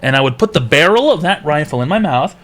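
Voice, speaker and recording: A man's voice: a little high, animated, fast, a bit bright. A man hosting a comedy call-in advice show, rude and mocking, swearing often. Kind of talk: abrasive comedic call-in banter.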